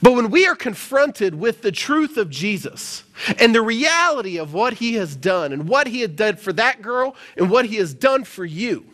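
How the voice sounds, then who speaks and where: A male pastor preaching at a live church service, his voice pitched very high for a man and swinging widely as he tells a story. The tone is bright and forward. He keeps it casual and chatty, full of everyday fillers. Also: big pitch swings, normal speed. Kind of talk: sermon storytelling.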